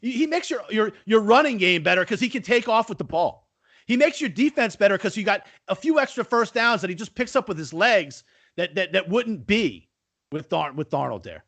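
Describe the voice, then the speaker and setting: High, animated man on a sports podcast. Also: normal speed, no echo. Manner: lively, animated, rhetorical questions. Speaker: podcast co-host. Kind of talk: casual sports betting podcast chat.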